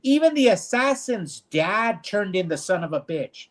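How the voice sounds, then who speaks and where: A man's voice: sits high, sing-song, unhurried. A man co-hosting a streamed talk show, ranting bluntly and indignantly in casual discussion. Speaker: co-host.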